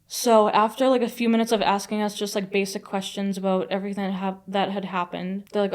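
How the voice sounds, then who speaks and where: A woman's voice: mid-range voice, level tone, creaky. A young adult woman telling a personal story in casual, rambling speech, full of "like" fillers and swearing. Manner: fast, filler-heavy retelling with frequent "like" and swearing. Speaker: guest.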